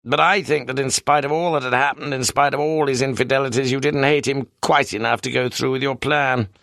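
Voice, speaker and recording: A man voicing a calm, probing British police detective with a British accent, speaking slowly and deliberately. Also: medium pitch, gravelly, no room sound, studio quality. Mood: measured. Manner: slow, measured accusation.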